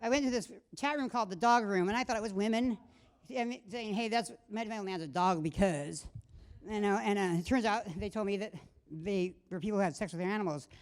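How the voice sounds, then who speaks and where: A woman's voice: mid-range voice, a little fast. A middle-aged woman doing a stand-up set in a comedy club, rambling and crude, breaking off mid-sentence and laughing at her own jokes. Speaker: stand-up comic.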